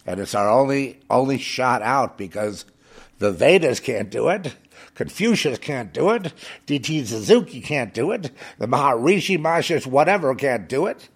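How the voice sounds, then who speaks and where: A man's voice: medium pitch, lively intonation, normal speed, husky. A man preaching on air in a fervent, scornful monologue, hammering points home by repeating phrases. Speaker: radio preacher.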